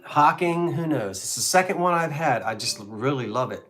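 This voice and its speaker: A man's voice: fairly high pitch, lively intonation, moderate pace, a bit bright, soft background music. A middle-aged man from the Delaware Valley with a Philadelphia accent, chatting casually and reminiscing on a live antiques stream. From Delaware Valley, USA. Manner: chatty, reminiscing, jokey asides. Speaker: co-host selling antiques.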